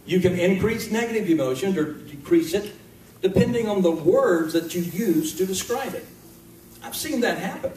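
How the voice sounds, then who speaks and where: High-voiced male preacher in echoey hall. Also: expressive, darkish tone, slight background noise. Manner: conversational, emphatic preaching with pauses. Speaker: pastor. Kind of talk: sermon. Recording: echoey hall recording from far off.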